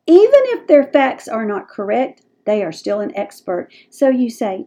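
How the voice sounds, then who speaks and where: Middle-aged Southern woman, dementia educator, mellow timbre, plain folksy delivery. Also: fairly high pitch, expressive, unhurried. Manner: warm, folksy, direct. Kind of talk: advice talk to caregivers.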